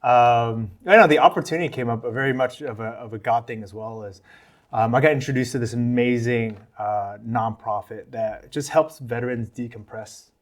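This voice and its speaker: As a guest on a podcast, an American man recounts his testimony in an earnest, easygoing way, performing the voices of those he quotes. He speaks at an ordinary pace in a mid-range voice.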